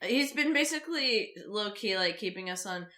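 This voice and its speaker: A woman's voice: medium pitch, animated, normal speed, bright, forceful tone. A woman co-hosting a podcast, teasing playfully in casual chat, with a cold. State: has a cold. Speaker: podcast co-host.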